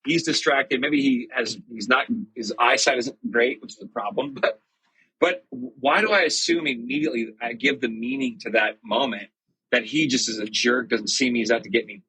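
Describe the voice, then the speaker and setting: A man's voice: medium pitch, normal speed, pushed and bright, breathy edge, no echo, rough recording. A middle-aged man telling a personal story in a casual, reflective monologue, chatty and self-deprecating with many fillers. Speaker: church podcast host.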